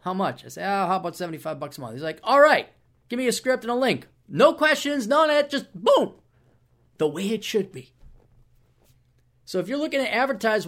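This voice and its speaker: A man hosting his own podcast, giving shout-outs and opinionated commentary in a rambling, casual way. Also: medium pitch. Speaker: podcast host.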